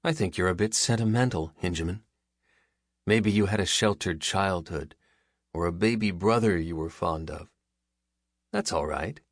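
A man's voice: low-pitched, moderate pace, long pauses, no echo, studio quality. A man playing a sly, taunting cutthroat. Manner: taunting, breezy and bright. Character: sly, cruel male criminal, mocking and menacing. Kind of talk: audiobook character voice.

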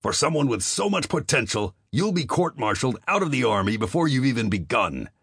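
A man voicing a furious male army commander who growls and shouts at a young soldier. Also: low voice, lively intonation, normal speed, vocal fry, slightly rough, no echo, exaggerated voice. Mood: yelling.

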